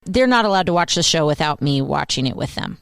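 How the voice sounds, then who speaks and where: Low-voiced woman in lively chat. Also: fast, vocal fry, dry recording, clean studio sound, faint music behind. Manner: chatty, animated. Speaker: podcast co-host. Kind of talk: casual chat.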